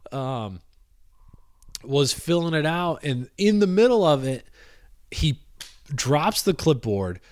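A young man in his twenties recounts a story on his podcast in a loose, rambling way, full of fillers and asides. His voice is smooth and clear at a middle pitch, recorded close with a dry, dead sound. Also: no room sound. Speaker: podcast host and comedian. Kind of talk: casual storytelling monologue.

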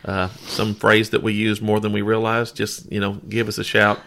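A man's voice: fairly low pitch, completely flat delivery, normal speed, gravelly, fairly bright tone. A man co-hosting a podcast, chatting casually and telling rambling, self-deprecating stories. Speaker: podcast co-host. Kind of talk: casual chat.

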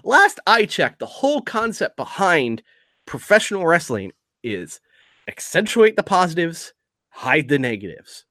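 A podcast co-host reads wrestling news aloud and rants sarcastically about it, swearing frequently in casual chat. His voice is a little high and a little slow, with big pitch swings and a sharp tone. The recording is dry, with clean studio sound.

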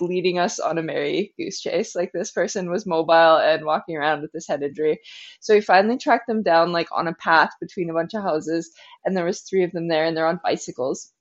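Woman, firefighter, lively chatty storyteller, slightly dull lo-fi audio. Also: fairly low pitch. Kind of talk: casual podcast chat.

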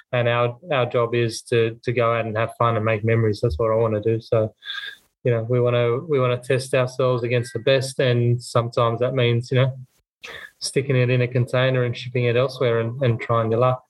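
Man, mid-pitched, upbeat, chatty, podcast guest. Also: level tone, a little fast, poor audio. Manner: upbeat, chatty, frequent restarts. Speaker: guest, racing team part owner. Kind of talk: casual podcast interview.

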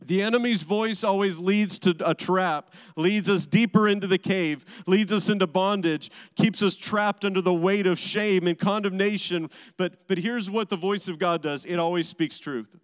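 A man's voice: high-pitched, moderate pace, few pauses, smooth. Male pastor preaching in a reverberant hall. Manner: preaching in emphatic repeated phrases. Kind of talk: sermon. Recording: large hall with long reverb.

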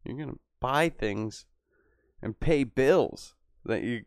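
Gravelly, profane man riffing. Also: medium pitch, slow, no echo, clean studio sound. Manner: crude, riffing, sarcastic, says "bro" a lot. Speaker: livestream host reading chat. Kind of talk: profane casual livestream chat. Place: Boston area.

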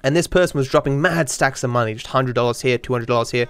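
A man's voice: medium pitch, quick pace, fairly bright tone, clean tone, soft background music. A man hosting a podcast, telling a story in a loose, rambling way, with many restarts and casual swearing. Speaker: podcast host and streamer.

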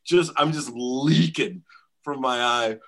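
Bright-voiced man telling a rowdy story. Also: medium pitch, slow, creaky. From Canada. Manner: laughing, profane, animated storytelling. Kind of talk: casual storytelling.

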